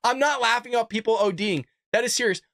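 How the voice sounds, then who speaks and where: A man's voice: extremely high pitch, brisk, creaky, a bit bright, dry recording, clean studio sound. A man hosting a show, reading a news story aloud and reacting to it with incredulous, sarcastic commentary aimed straight at his viewers. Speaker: host.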